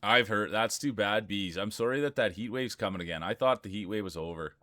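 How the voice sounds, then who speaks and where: A man's voice: on the low side, a little fast, sharp tone, dry recording. A man streaming live, chatting casually and rambling while greeting viewers by name.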